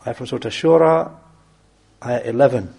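Male religious teacher, mellow and husky, deliberate and measured explaining, quick recitation. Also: mid-range voice. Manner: measured and deliberate, reciting Arabic verses quickly then translating slowly. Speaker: Islamic teacher. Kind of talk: explaining a classical text in a lesson.

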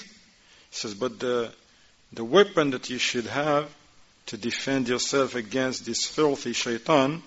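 A man teaching a class, reading Arabic passages quickly and then explaining them in informal, conversational English while asking his students questions. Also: mid-range voice, vocal fry, fairly bright tone. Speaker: religious teacher. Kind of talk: class explaining a religious text. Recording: dull lo-fi recording.

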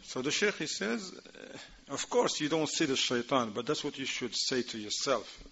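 A man teaching a class, reading Arabic passages quickly and then explaining them in informal, conversational English while asking his students questions. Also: mid-range voice, sing-song, creaky, bright, forceful tone, slightly rough. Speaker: religious teacher. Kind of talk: class explaining a religious text. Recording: dull lo-fi recording.

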